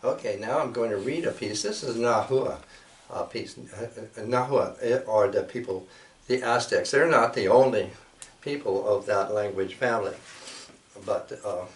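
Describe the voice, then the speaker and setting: A man hosting a radio show who reads a translated poem in a slow, measured, slightly hesitant way. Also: on the low side, reverberant, far from the mic. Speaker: radio host. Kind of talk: poetry reading.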